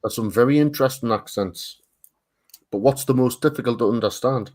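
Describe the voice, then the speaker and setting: A man's voice: medium pitch, fairly quick, a little mellow. A man from Northern England with a Tyne and Wear accent, chatting on a group livestream and often repeating words as he searches for them. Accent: Northern English, Tyne and Wear. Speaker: art stream co-host. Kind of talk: casual group chat on a livestream.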